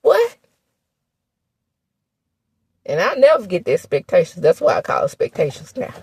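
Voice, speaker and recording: A woman from the American South with a Southern accent, recapping reality TV in sassy, animated casual commentary. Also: moderate pace, creaky, breathy edge, no echo. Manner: sassy, animated, with laughs and sudden high exclamations.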